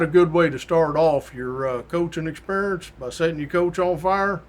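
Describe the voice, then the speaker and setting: A man's voice: fairly even intonation, normal speed, few pauses, a little hiss or hum. A middle-aged man hosting a show, telling a work story in a casual, folksy way and acting out the people in it. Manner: folksy, acts out quoted voices with rising pitch. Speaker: podcast host, retired state trooper.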